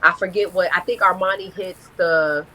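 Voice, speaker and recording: A woman's voice: lowish voice, moderate pace, poor audio. A woman, a guest telling a blunt, profane story in a casual live-stream interview. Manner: candid, profane, animated storytelling.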